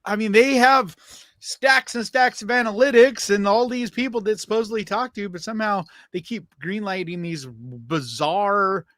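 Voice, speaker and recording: A man with a fairly high voice co-hosts a podcast in loose live-stream chat. He is blunt and opinionated and swears without a second thought. His voice is recorded dry and close. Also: normal speed, fairly bright tone, no room sound. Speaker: podcast co-host.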